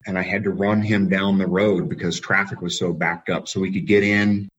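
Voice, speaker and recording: Guy with a lowish voice chatting about showing his dogs, easygoing, kinda muffled audio. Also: normal speed. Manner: relaxed, anecdotal, laughs at own stories. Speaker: dog breeder and show handler. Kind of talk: casual storytelling.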